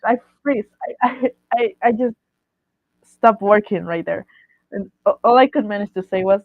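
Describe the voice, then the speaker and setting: A woman who makes fan art, telling a casual story-time tale in an excited, gushing way, often laughing. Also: mid-range voice, moderate pace, vocal fry, no room sound. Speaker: fan artist vlogger. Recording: tinny phone-like, dry.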